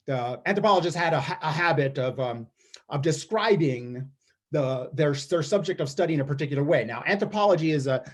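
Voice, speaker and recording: Wry husky-voiced man telling stories. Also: fairly high pitch. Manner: wry, observational, frequent restarts. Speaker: storyteller performer. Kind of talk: comic storytelling monologue. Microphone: streamed performance mic.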